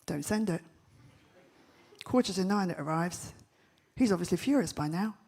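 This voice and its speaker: A woman holds a stage with a brash, joking keynote, firing off punchy stories. Her voice sits a little low and has a husky edge to it. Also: lively intonation, a little mellow. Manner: brash, punchy storytelling with quick jokes. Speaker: festival speaker. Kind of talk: comic keynote talk. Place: large event stage.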